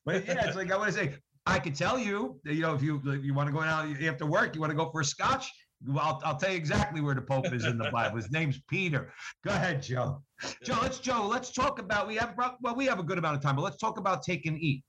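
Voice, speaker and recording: A man talks fast, with a bright, forceful voice, as a co-host. He tells stories in an animated, joking way. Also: fairly high pitch, slightly rough. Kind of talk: casual storytelling.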